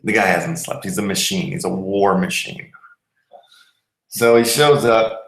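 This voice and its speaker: Male podcast host with a low voice, rambling through a casual story in a roomy, echoey room. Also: unhurried, creaky. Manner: rambling, restarts mid-sentence.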